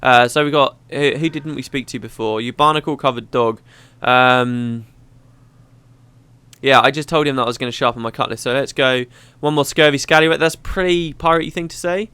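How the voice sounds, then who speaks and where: A man's voice: mid-range voice, lively intonation, moderate pace, pushed and bright, clear, resonant tone, no room sound. A man hosting a let's play, chatting casually and reading game dialogue aloud. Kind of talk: casual gameplay commentary.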